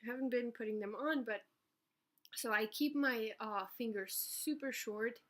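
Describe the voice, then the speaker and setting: A woman, a little out of breath, giving a casual video update at home into her computer's webcam, speaking in a halting way with many fillers. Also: on the high side, a bit bright. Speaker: vlogger.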